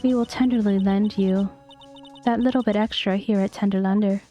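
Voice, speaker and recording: A sweet-talking hostess of a loan office, voiced by a woman, purring a soft, sugary sales pitch at a middle pitch. Faint music plays under the game reading. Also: fairly even intonation, moderate pace, highs cut off, close to an everyday voice. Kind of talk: reading game dialogue aloud.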